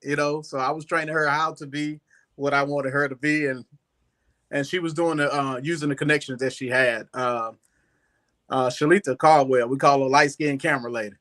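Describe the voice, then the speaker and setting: A man, a music artist telling a rambling, animated story as an interview guest, often saying "you know.". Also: medium pitch, normal speed. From Southern United States.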